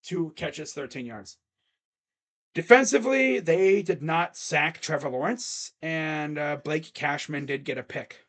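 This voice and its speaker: A man's voice: on the high side, unhurried, fairly bright tone. A young man casually recapping football stats and picks, chatty with mocking asides. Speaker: sports picks host.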